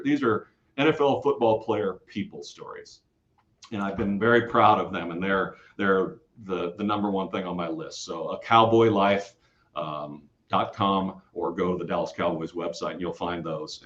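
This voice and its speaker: In a casual interview, a medium-pitched man from the Kansas City area appears as a guest storyteller, telling rambling, animated stories with many restarts. The audio is dull and lo-fi.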